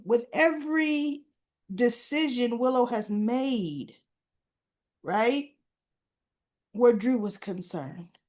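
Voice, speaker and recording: A woman with a fairly high voice recaps soap scenes at an unhurried, drawn-out pace. She gets animated, acts out the characters' lines and talks back to them as if they could hear her. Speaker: soap opera reviewer. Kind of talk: casual recap commentary.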